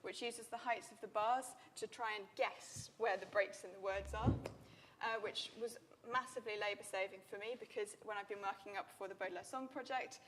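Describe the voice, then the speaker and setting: A woman talking through an academic conference presentation, walking the room through a live demo. Her delivery is loose and conversational, full of fillers and light self-mockery. Her voice sits at a middle pitch, with a faint hiss under the recording. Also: steady tone, fairly quick. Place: lecture room.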